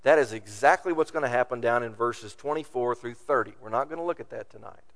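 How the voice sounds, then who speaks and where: A man's voice: medium pitch, fast. A man preaching a sermon, reading scripture aloud and acting out the complaints of the people. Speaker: pastor.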